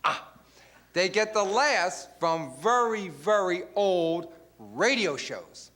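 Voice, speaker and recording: A man doing a stand-up comedy routine on a live television stage, acting out bits in loud put-on voices. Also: sits high, animated, takes it slowly. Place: live television stage before a studio audience. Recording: noisy live broadcast with crowd laughter. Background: audience laughter.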